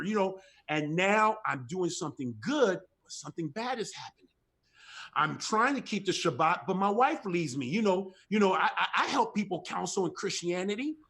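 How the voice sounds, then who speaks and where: A man's voice: high voice, a bit bright. Man, middle-aged, impassioned testimony, preacherly cadence, emphatic, talking from home. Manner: emphatic, repetitive, preacherly cadence with frequent "you know". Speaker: guest on a ministry talk show.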